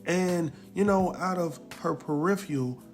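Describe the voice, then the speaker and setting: A man recapping a TV episode in a casual, animated way, exclaiming and chuckling as he talks straight to his viewers. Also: sits high, a little slow, faint music behind.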